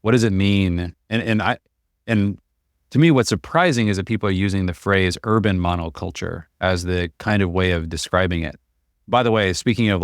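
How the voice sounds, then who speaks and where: A man from Seattle with a very deep voice talks haltingly, restarting his phrases as he thinks aloud. The sound is close and dry. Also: no room sound. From Seattle, USA. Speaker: podcast host. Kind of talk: casual conversation.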